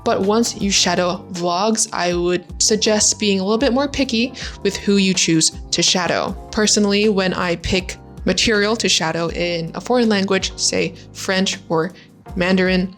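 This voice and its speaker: A young adult woman hosting a casual teaching vlog, bright and positive, demonstrating sounds slowly. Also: medium pitch, faint music behind. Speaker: language-learning YouTuber.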